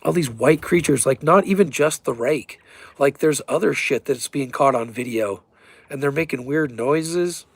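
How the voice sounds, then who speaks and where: Gravelly, profane man rambling to camera. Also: mid-range voice, moderate pace, no echo. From Colorado, USA. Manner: profane, excitable, conspiratorial rambling. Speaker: vlogger. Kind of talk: rambling casual monologue.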